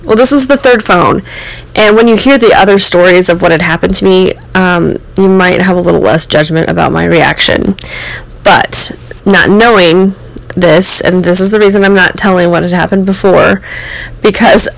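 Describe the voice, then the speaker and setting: A woman's voice: fairly low pitch, moderate pace, vocal fry, rough recording. American woman telling a personal story. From United States. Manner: candid, rambling, many fillers and "like". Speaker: host.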